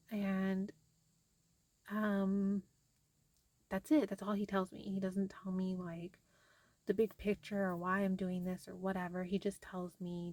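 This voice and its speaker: A woman's voice: medium pitch, flat delivery, unhurried, pauses often, darkish tone, dry recording. A young woman vlogging casually to camera, rambling with many fillers, tired and frustrated.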